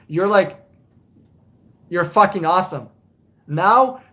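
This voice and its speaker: Man, high-pitched, blunt, swears freely, repeats points, casual live stream Q&A. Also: fairly bright tone. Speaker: car buying consultant, live stream host.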